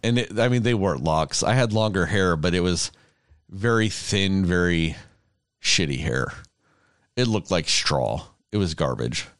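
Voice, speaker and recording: Low voiced dude in his 30s, rambly, swears a ton, dry mic. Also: animated, unhurried, fairly bright tone, no room sound. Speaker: podcast host. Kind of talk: casual chat.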